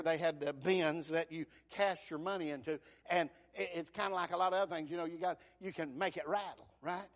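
Fervent high-voiced preacher. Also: male voice, fairly even intonation, a little fast, few pauses. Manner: fervent preaching, surging loud then dropping soft. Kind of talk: sermon.

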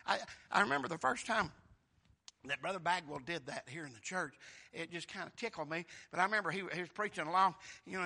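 A man's voice: high-pitched, creaky. Fervent preacher man. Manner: fervent, swings from quiet asides to shouted praise, calls out "Amen?". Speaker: pastor. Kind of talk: sermon.

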